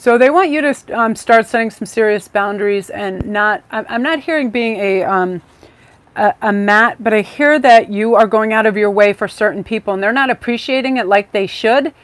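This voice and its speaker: A woman's voice: medium pitch, moderate pace, dry recording. A woman hosting a live-stream tarot reading, talking in an effusive, rambling, chatty way with many fillers.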